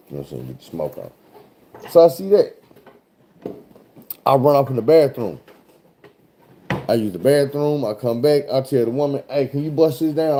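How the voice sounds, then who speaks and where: A man from Arkansas, a truck driver telling a road story in a loose, animated, heavily profane way. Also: fairly low pitch, a little hiss or hum. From Arkansas, USA. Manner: animated, profane, swears often.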